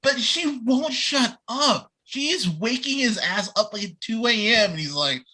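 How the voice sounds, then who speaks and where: A podcast host chatting casually about a movie, animated, swearing often and leaning on "like" fillers. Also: medium pitch, unhurried, slightly rough. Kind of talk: casual movie review chat.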